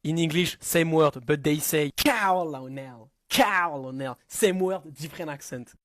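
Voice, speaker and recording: Slow, dry-voiced Frenchman mangling English. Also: fairly high pitch, no room sound. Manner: deliberately mangles English words, then shouts in mock outrage. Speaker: comedy video creator. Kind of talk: comedic pronunciation skit. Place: played from a video clip.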